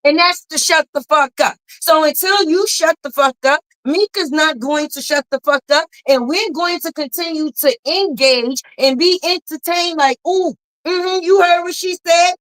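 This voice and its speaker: A woman hosting a casual gossip commentary, talking in a sassy, emphatic and blunt way, with frequent drawn-out mm-hmms and plenty of profanity. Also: high-pitched, fairly bright tone. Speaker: commentary channel host.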